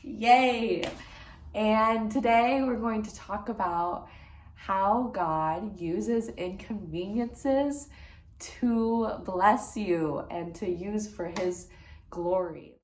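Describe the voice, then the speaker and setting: A woman's voice: mid-range voice, very slow. A young woman vlogger telling a faith story in a casual, chatty way, full of "like". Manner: chatty, lots of "like", excited retelling. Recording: echoey room.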